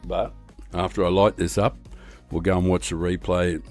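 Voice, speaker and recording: Playing a racing game on a live stream, an Australian man talks in a relaxed, rambling manner full of hesitations. He has a low voice at normal speed, with soft background music behind him.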